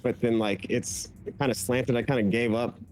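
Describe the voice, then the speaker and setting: A man's voice: mid-range voice, steady tone, moderate pace, a little mellow. A man playing a tabletop game, talking casually and loosely about his character's actions. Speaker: player.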